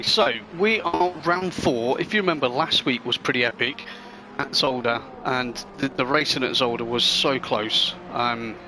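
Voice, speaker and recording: This is live stream commentary from a man running a sim racing broadcast, chatty and meandering as he jokes around with his chat. His voice sits at medium pitch, and there's background noise.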